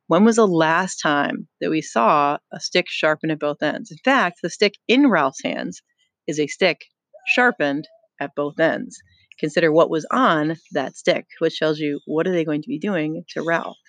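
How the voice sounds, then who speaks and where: A teacher reading a novel aloud, pausing to explain and pose questions to the listener. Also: medium pitch, fairly bright tone, no room sound. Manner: explains and poses questions to the reader.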